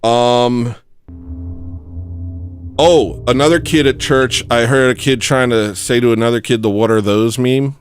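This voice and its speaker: A man hosting a comedy livestream, rambling deadpan through absurd asides. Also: mid-range voice, measured pace, slight background noise.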